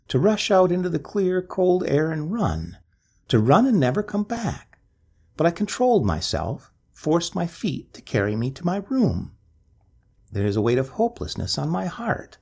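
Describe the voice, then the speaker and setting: A man's voice: mid-range voice, creaky, a little mellow, breathy edge. A man reading a ghost story aloud as scripted narration, with a dramatic, swooping delivery.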